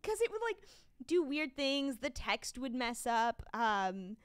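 A woman co-hosting a podcast in casual chat, chatty and quick to laugh, with lots of fillers. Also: sits high, very animated, smooth. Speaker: podcast co-host.

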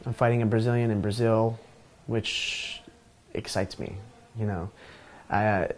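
Low-voiced man, candid and joking. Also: fairly even intonation, unhurried, a little hiss or hum. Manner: candid, joking, self-deprecating; rambling with restarts. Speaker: professional fighter. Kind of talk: pre-fight interview, casual talk.

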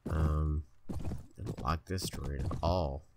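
A man casually commentating his own strategy game play, chatty and indecisive, bossing his troops around out loud. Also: very deep voice, slow pace, noisy background. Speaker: gameplay video host.

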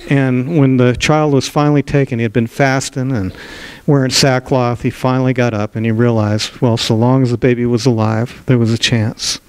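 A man's voice: medium pitch, steady tone, moderate pace, darkish tone, clear, resonant tone, no room sound, poor audio. Male pastor retelling a Bible story. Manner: narrative storytelling with small restarts. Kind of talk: sermon.

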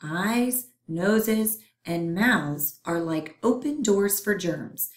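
A woman voices a bossy germ schoolteacher who lectures in a confident, scheming way. The delivery is slow and deliberate. The sound carries a roomy echo. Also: medium pitch, lively intonation. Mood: lecturing.

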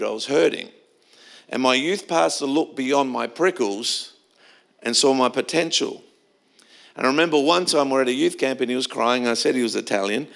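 This middle-aged Australian man is a pastor delivering a church sermon, with medium pitch and a creaky voice. He tells stories conversationally and restarts often.

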